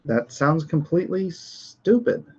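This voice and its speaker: A middle-aged man hosts a casual livestream show, rambling with fillers and restarts while reading news aloud, his voice slightly off. His voice is fairly high, with big pitch swings, a measured pace, a darkish tone and a breathy edge. The stream audio is dull and lo-fi.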